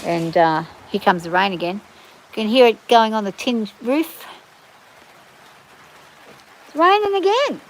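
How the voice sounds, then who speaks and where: A woman's voice: on the high side, lively intonation, measured pace, long pauses, a little hiss or hum, low-quality recording. A middle-aged woman with an Australian bush accent, chatting casually and rambling to viewers on a livestream from her farm. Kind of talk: casual chat. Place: outdoors on a farm in the rain.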